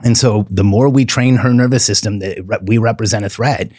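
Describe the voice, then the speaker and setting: A middle-aged man, a relationship coach, talking candidly as a podcast guest, earnest and heartfelt, slowing down to lean on key words. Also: on the low side, a little mellow, no echo, studio quality. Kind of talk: candid interview talk.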